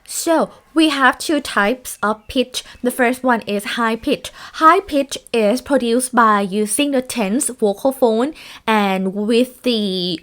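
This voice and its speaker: A woman teaching a lecture, speaking in halting sentences with many fillers and restarts. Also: a little high.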